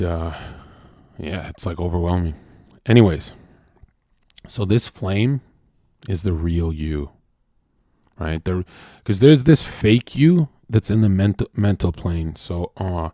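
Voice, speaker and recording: Blunt, profane male streamer, dry close mic. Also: dry recording. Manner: blunt, profane, swings from shouting to low muttering. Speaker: livestream host talking to chat. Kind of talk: unscripted livestream rant.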